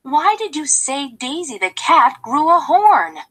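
A woman voicing an excitable, chattering duck in a storybook with an urgent, squeaky voice. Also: slow, heavily acted.

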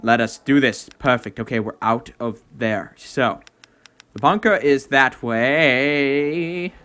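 Excitable young man, bright voice. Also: mid-range voice, takes it slowly, clean tone. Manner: excitable, shouts and laughs at wins. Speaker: gaming video host. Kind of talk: let's-play commentary. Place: home room.

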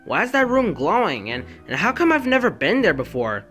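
A man's voice: high-pitched, huge pitch swings, brisk, fairly bright tone, soft background music, exaggerated voice. A man voicing a timid male plumber hero who talks nervously, stammers and panics easily, in a plush toy video. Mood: excited.

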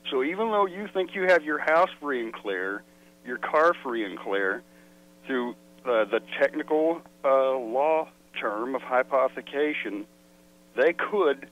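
A man calling in to a radio show, explaining earnestly with hesitant fillers. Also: mid-range voice. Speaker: radio caller. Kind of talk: explaining on a phone call. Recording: tinny phone line with hum.

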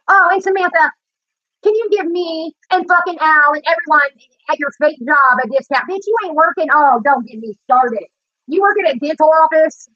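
Fast-talking profane woman ranting in kitchen. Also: high-pitched, pushed and bright, no room sound. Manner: profane, confrontational, rambling. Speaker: YouTuber. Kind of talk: ranting while cooking on a livestream. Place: home kitchen. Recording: dull lo-fi sound, dry.

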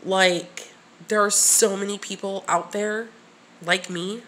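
A woman's voice: mid-range voice, steady tone, slow, fairly bright tone, a little hiss or hum. A woman recording her first vlog at her desk, nervous and shaky, rambling with restarts and whispered asides to herself. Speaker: channel creator. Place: home room at a desk. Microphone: at her desk facing camera.

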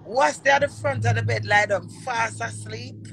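A woman's voice: on the high side, moderate pace, vocal fry, slight background noise, low-quality recording. A middle-aged woman with a Jamaican accent, telling stories in a casual chat and repeating words as she goes. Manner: animated, repeats words while telling a story.

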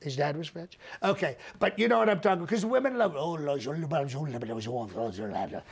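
A comedian doing a boastful rambling ex-president. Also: male voice, sits high, lively intonation, quick pace, vocal fry, breathy edge, heavily acted. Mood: mocking. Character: boastful male ex-president, rambling and self-praising. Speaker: comedian doing a live impression. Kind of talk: improvised comedic press conference.

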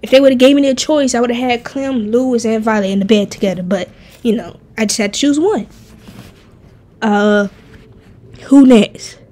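A woman streamer chatting casually and bluntly while ranking game characters, animated and profane. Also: a little high, moderate pace. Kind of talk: casual game tier-list chat.

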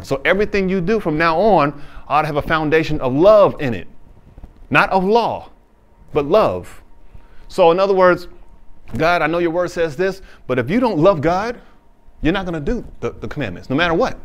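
A male pastor preaching a sermon, reading scripture slowly and then explaining it in casual, plain talk. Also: on the high side. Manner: casual informal phrasing.

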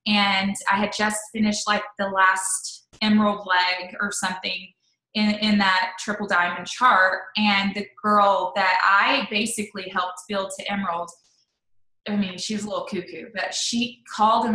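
A woman in her thirties tells a personal story in a chatty, animated way, full of "like" and quoted asides. Her voice is bright and forceful. The recording has the echo of a roomy space. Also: mid-range voice, a little slow. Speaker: network marketing leader, interview guest. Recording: echoey room.

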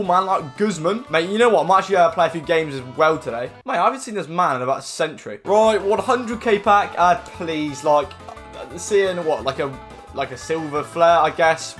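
A man giving casual, rambling gameplay commentary as a YouTuber, full of fillers and sudden excited shouts. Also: a little high. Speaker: gaming YouTuber.

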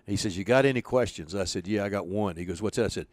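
An older man, a former pitching coach, telling stories in an interview and acting out the lines of people in them. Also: racing, dry recording. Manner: animated storyteller, acts out quoted dialogue. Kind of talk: storytelling in an interview.

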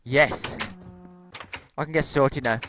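A man chatting casually while playing a game, relaxed and quick to laugh. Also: mid-range voice, slight background noise. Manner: relaxed, laughs easily, calls friend dude. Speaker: gamer co-host. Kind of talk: casual gameplay chat.

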